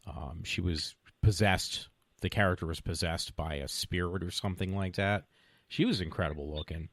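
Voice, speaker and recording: A man's voice: sits low, moderate pace, dry recording. A man chatting as a podcast guest, hesitant, with many "um"s and trailing remarks. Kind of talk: casual chat.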